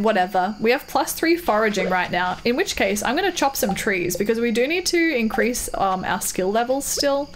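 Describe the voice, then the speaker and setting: A woman's voice: mid-range voice, a little hiss or hum. A woman live-streaming a farming game, chatting casually, reading and answering her chat with frequent giggles.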